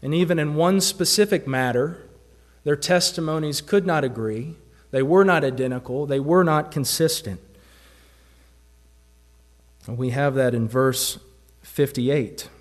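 A man's voice: on the high side, measured pace, long pauses. A man preaching a sermon with a Southern American accent, using rhetorical questions and emphatic repetition. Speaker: pastor.

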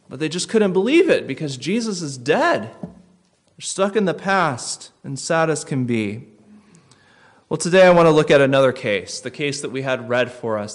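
A man preaching a sermon, earnest, rising to loud emphasis and dropping to quiet, reflective lines. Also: a little high.

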